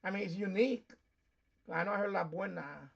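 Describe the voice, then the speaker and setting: Talking a little fast over lo-fi sound, a New York man with a high, gravelly voice hosts a relaxed shortwave radio live stream. His explanations wander and are thick with filler words.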